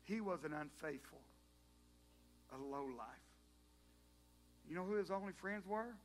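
A male pastor, preaching a sermon as an animated storyteller who jokes with the congregation. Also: fairly high pitch, unhurried, soft background music.

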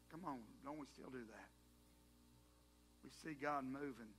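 A male pastor, preaching a sermon as an animated storyteller who jokes with the congregation. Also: mid-range voice, measured pace, long pauses, breathy edge.

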